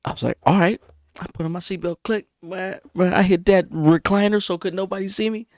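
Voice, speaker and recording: A man casually telling a story about a dream, animated and repetitive, punctuating it with sound effects. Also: a little fast, no echo, clean studio sound. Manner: animated, repeats himself, sound effects like boom. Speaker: vlogger.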